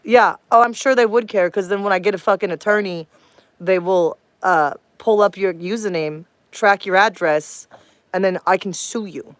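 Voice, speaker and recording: A woman's voice: mid-range voice, normal speed, dry recording. A woman in her thirties talking bluntly to her live stream chat, combative and swearing heavily. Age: 30s.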